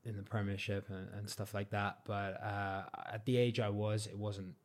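A young man with a southern English accent chats as a podcast guest, easygoing and modest, leaning on fillers. His voice sits fairly low. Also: moderate pace. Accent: southern English, not Cornish. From Cornwall, England. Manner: relaxed, modest storytelling with many fillers. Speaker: podcast guest, football freestyler. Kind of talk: casual chat.

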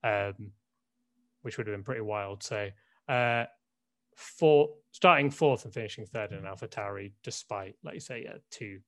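A man co-hosting a casual podcast, hesitant and quick to change his mind. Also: lowish voice, no room sound. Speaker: podcast co-host. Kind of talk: casual chat.

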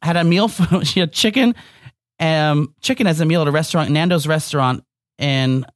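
A woman's voice: low-pitched, moderate pace, dry recording, studio quality. Blunt, foul-mouthed young woman. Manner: blunt, profane, joking. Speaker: podcast co-host. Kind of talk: casual chat.

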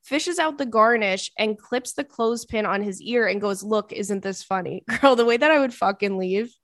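A woman podcast host reading a listener's email aloud in casual chat, expressive and dramatic with exasperated asides. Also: a little high, normal speed, no echo, clean studio sound.

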